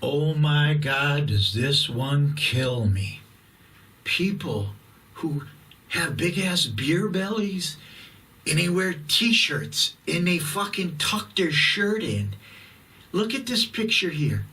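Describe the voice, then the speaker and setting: A man's voice: on the high side, expressive, sharp tone, far from the mic. A man in his fifties ranting profanely and bluntly about his pet peeves to his channel's viewers, dragging out words for emphasis. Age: 50s. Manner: blunt, profane, combative rant with long drawn-out words. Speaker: YouTube host.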